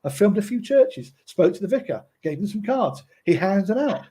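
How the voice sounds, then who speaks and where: Husky, chatty man. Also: high voice, sing-song, normal speed, warm tone. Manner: chatty, keeps checking in with listeners. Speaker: presenter. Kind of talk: casual tutorial talk.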